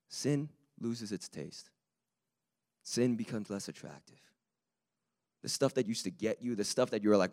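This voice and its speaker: A male preacher with a slightly low, raspy voice. He delivers his sermon in a lively, conversational way and pushes hard on the key points. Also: normal speed, long pauses. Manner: lively and conversational, building to emphatic peaks.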